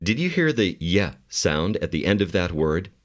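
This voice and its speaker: A man giving calm, measured instructions as the narrator of a language course. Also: low-pitched. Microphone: studio mic.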